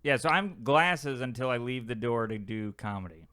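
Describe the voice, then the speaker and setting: A man co-hosting a comedy podcast, dropping quick jokes and laughing along. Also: mid-range voice, lively intonation, bright, forceful tone, clean tone, no echo, clean studio sound. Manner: quick jokey interjections, laughs a lot. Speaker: podcast co-host. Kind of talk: casual comedic banter.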